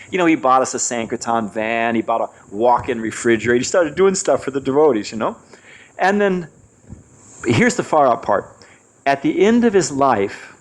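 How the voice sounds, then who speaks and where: Lively, animated storytelling man. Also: medium pitch. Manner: animated, acts out quoted voices. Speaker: speaker at a devotional retreat. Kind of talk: personal storytelling talk.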